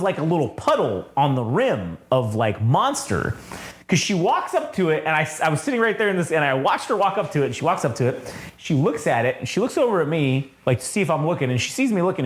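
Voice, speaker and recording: A man co-hosting a podcast, telling a casual story in an animated way, swearing often and saying "like" a lot. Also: a little high. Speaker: podcast co-host. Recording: echoey room.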